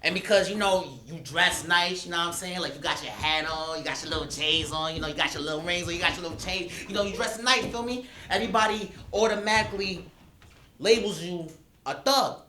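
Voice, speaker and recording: A man's voice: sits high, fairly quick, bright, forceful tone. A young man playing a laid-back, cautious teen boy in a staged reading monologue, slangy and conversational, often checking in with the listener. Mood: easygoing. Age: young adult. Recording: echoey stage filmed from a distance.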